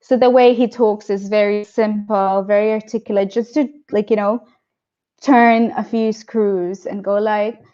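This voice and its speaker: A woman's voice: mid-range voice, steady tone, unhurried, warm tone, muffled recording. A woman guest in a casual interview, chatty, laughing often and acting out what people said. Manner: chatty, laughs often, acts out quoted voices.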